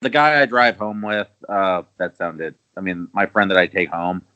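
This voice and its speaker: Casual male podcast host, slightly low voice, rambling and profane delivery. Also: normal speed, bright, forceful tone, highs cut off. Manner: rambling, swearing, restarting thoughts.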